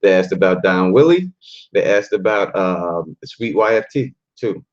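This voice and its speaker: A man hosting a casual livestream, his voice a little rough after a late night, giving laid-back shout-outs to his chat in street slang. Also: low-pitched, expressive, measured pace, lo-fi sound. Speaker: channel host. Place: hotel room at a fan convention. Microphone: phone or laptop camera.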